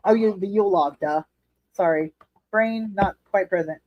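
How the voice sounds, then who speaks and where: A woman chats casually on her own livestream, speaking in an ordinary middle register. She is candid and quick to laugh, and she swears freely. The sound is close and dry, with no room echo. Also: mid-range voice, highs cut off. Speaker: livestream host reading chat. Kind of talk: casual chat. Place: home living room.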